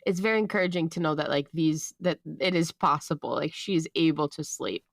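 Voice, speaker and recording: A woman in her thirties co-hosting a casual podcast, talking in a chatty, halting way with many fillers. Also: low-pitched, no room sound, clean studio sound. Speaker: podcast co-host. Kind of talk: casual chat.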